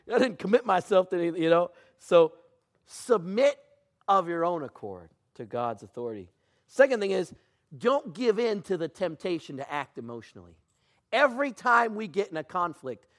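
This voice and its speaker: A man preaching a sermon as pastor, telling stories with acted-out quotes and swinging from hushed, low lines to loud, high outbursts. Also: big pitch swings, brisk.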